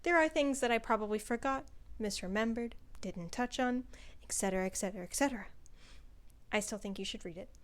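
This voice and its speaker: A woman's voice: on the high side, brisk. Chatty young woman reviewing a book. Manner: chatty, lots of fillers, swears when excited. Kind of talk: casual book review monologue.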